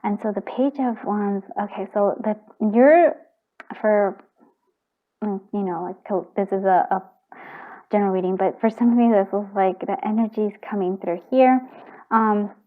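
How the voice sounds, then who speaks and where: A woman's voice: medium pitch, normal speed. Tender, rambling woman tarot reader. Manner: rambling, gentle, emotional, lots of fillers and restarts. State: tearing up. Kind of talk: casual pick-a-card tarot reading. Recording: tinny phone-like audio.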